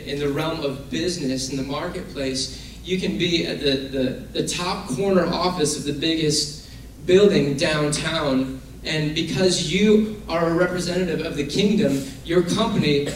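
A man preaching a casual, conversational sermon and acting out the people in his stories. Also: a little high. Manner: casual, conversational, acts out quoted figures. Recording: very echoey room from far off, faint noise.

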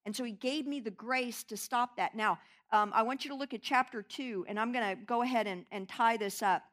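A woman's voice: fairly high pitch, fairly quick, a bit bright. A middle-aged woman preaching a sermon, giving an emotional testimony that swells into fervent preaching.

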